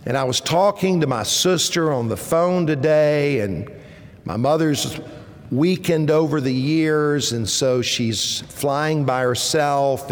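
A man in his fifties preaching a sermon, earnest and measured, his voice swelling at points of emphasis. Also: medium pitch. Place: church sanctuary. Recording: long reverb of a church hall.

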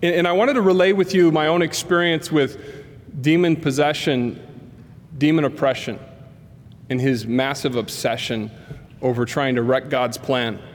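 A pastor with a voice on the high side preaches at normal speed, telling stories in his sermon and acting out the voices of the people in them. He's animated, and the church recording carries the long reverb of a large hall.

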